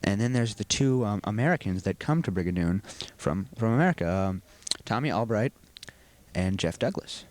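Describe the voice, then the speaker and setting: A teenage boy with a fairly low voice answers questions for a school video. He talks earnestly and rambles through long explanations. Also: animated, normal speed, darkish tone, no room sound. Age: teens. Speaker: student actor being interviewed.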